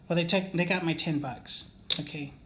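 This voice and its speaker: A man's voice: on the high side, fairly bright tone, slight background noise. A man telling a casino story in a rambling way, with many fillers and restarts, often checking in with "okay?". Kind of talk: casual storytelling monologue.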